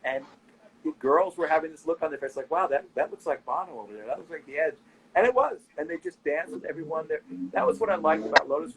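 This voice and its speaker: A middle-aged man in a casual interview, telling animated anecdotes and quoting people as he goes. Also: on the high side, a little hiss or hum, rough recording. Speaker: nightlife owner and guest.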